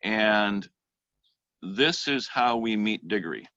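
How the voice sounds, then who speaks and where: A man giving a church education talk on literature, speaking thoughtfully with frequent pauses and reading passages aloud. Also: on the low side, expressive, pushed and bright, no room sound, highs cut off.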